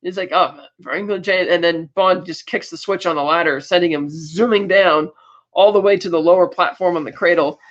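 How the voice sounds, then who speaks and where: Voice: mid-range voice, steady tone, fairly quick. A podcast co-host casually recapping a film, retelling scenes with loose asides and acted bits of dialogue. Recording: dull lo-fi audio.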